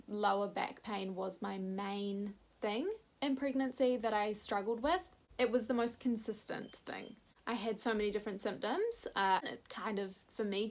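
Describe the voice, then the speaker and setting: Young adult woman, candid vlogger, animated storytelling. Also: mid-range voice. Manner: candid, animated retelling with quoted voices. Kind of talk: casual storytelling chat.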